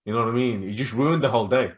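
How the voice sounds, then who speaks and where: A man co-hosting a casual podcast, retelling stories with lively acted-out quotes. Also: medium pitch, very fast. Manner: animated storytelling, acts out quotes. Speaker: podcast co-host. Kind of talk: casual chat.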